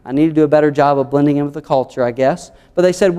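A man's voice: a little high, racing, few pauses, warm tone, clear, resonant tone, in a large hall. A man with a Southern American accent, an earnest pastor preaching a sermon through numbered points and scripture. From United States.

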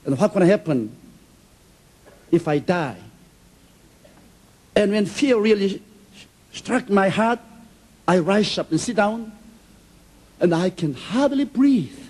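A man's voice: high-pitched, animated, slow, pauses often, a little mellow, slightly rough, poor audio. A man preaching a sermon, telling stories emphatically in simple, non-native English phrasing. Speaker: pastor.

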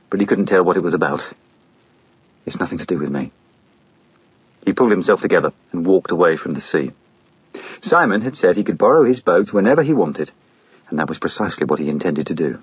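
A man narrating an audiobook in a measured, steady storytelling manner. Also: low-pitched, husky, no room sound, highs cut off.

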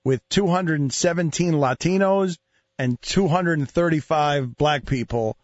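A man's voice: fairly high pitch, dry recording, highs cut off. A man hosting a talk radio show, teasing his guest and laughing easily. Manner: playful, teasing, quick to laugh. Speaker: host.

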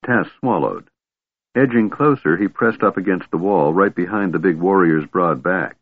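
A man reading a fantasy novel aloud in a measured, steady narration. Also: low voice, breathy edge, no room sound. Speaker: audiobook narrator. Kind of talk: scripted narration. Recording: tinny phone-like band, dry.

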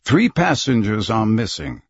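A man playing a calm, resolute English gentleman who speaks in a measured, clipped way. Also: lowish voice, husky, dry recording, highs cut off, full character voice. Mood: firm.

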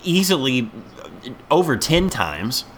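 A man's voice: medium pitch, sing-song, slow, a bit bright, a little hiss or hum. A man co-hosting a podcast, speaking in an incredulous, emphatic way in casual chat. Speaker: podcast co-host.

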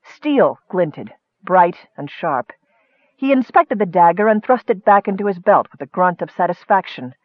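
A man reading a fantasy story aloud in a measured, expressive way. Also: sits high, no echo. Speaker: narrator. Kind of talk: audiobook narration. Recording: dry, muffled audio.

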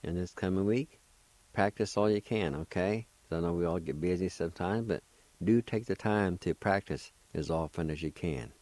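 A man hosting a radio language lesson, speaking deliberately and spelling out words syllable by syllable. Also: sits low, a little mellow, dry recording. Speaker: radio host teaching a language.

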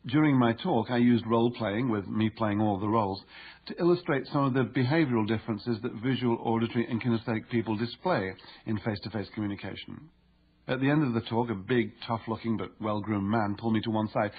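Man, audiobook narration, husky, measured, dull lo-fi sound. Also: medium pitch. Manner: measured, explanatory. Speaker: author and narrator.

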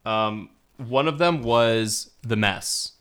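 A man's voice: medium pitch, a bit bright, clear, resonant tone. A young man co-hosting a podcast, chatting casually about a film, rambling with frequent laughs. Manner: rambling, laughs often, quick asides. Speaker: podcast co-host. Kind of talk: casual film review chat.

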